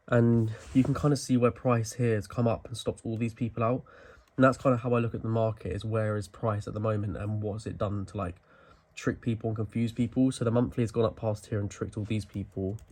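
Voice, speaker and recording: A man's voice: lowish voice, darkish tone. A young man, out of breath, casually walking through his trading charts in a rambling way full of fillers. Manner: rambling, filler-heavy, self-deprecating. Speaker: forex trading vlogger. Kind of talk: casual screen-share walkthrough.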